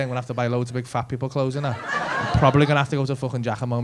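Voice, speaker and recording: A man's voice: mid-range voice, fairly even intonation, racing, hardly any pauses. A male stand-up comedian with a Liverpool accent doing brash, sweary, teasing crowd work on a comedy club stage. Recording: live club audio with crowd laughter noise.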